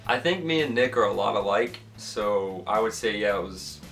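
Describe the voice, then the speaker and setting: A man asking and answering casual interview questions in a relaxed, easygoing way. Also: on the low side, normal speed, gravelly. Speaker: interviewer and cast member playing Nick. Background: background music.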